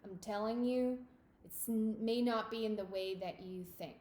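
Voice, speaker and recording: A woman's voice: medium pitch, unhurried, warm tone, reverberant. A woman giving a tarot reading straight to the listener, intimate and emphatic, calling them darling and babe. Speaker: tarot reader.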